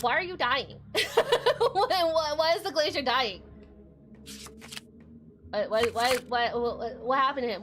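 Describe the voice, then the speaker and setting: A woman's voice: sits high, lively intonation, slow pace, a bit bright, slight background noise. A woman streamer giving live gameplay commentary, talking to herself, swearing often and laughing between lines.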